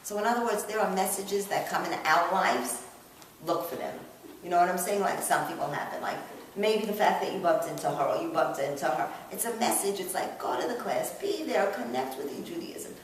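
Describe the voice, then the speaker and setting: Woman, low voice, informal religious teacher, chatty, asks the group questions, distant mic, echoey room. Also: animated, a little fast, a little hiss or hum. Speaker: Torah class teacher. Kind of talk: informal religious class talk.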